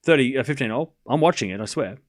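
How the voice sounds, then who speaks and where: A man's voice: medium pitch, animated, fast. A man hosting a live tennis watchalong stream, calling scores and chatting casually with viewers, rambling and laughing often.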